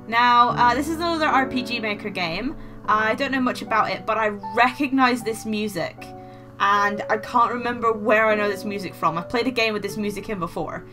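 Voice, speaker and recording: A woman's voice: fairly high pitch, fairly quick. A woman hosting a let's play, chatting casually, reading game text aloud and joking. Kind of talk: casual gameplay commentary. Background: game music.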